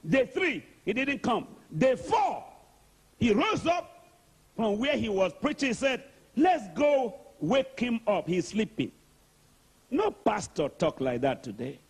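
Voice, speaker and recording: A man's voice: high voice, breathy edge. A man with a Nigerian accent preaching an emphatic sermon and calling for responses from the congregation. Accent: Nigerian English. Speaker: archbishop, preacher.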